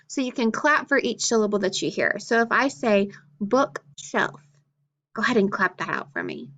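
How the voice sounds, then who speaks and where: A woman teacher leading an early-grade phonics lesson, speaking slowly and deliberately, praising each answer. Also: medium pitch, big pitch swings, a bit bright. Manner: slow, deliberate, encouraging.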